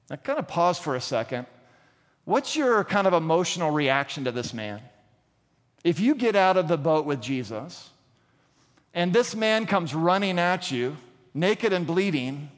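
A man's voice: a little high, long reverb tail. A man preaching a sermon, asking rhetorical questions and retelling scenes with dramatic emphasis. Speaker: pastor.

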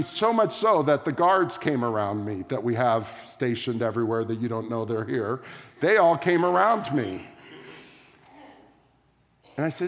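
Man, pastor, mid-pitched, emphatic repetitive preaching, long hall reverb. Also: expressive, normal speed. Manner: emphatic, repetitive preaching cadence with big swings in loudness. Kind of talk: sermon. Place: large room before a congregation.

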